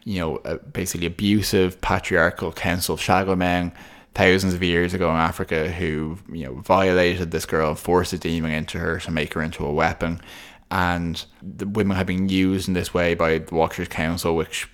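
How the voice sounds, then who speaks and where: Deep-voiced man analyzing on a podcast. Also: little pitch movement, normal speed. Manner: talkative, thoughtful, many restarts. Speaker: podcast co-host. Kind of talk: casual analytical chat.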